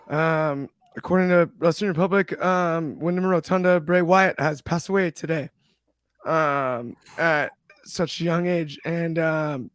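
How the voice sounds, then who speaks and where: A man hosting a podcast who talks in a subdued way, halting with many fillers. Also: on the high side, a bit bright, clean tone, no echo, clean studio sound. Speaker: podcast host. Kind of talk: casual podcast talk.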